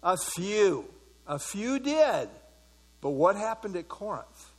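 Male pastor, slightly high pitch, conversational Bible study teacher who quizzes his audience. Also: very animated, takes it slowly, husky. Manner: conversational, asks the audience questions, many fillers.

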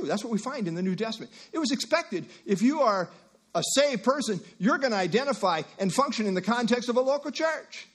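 Man, pastor, sermon, fairly high voice, chatty preaching with asides. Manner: conversational preaching with asides and acted-out dialogue.

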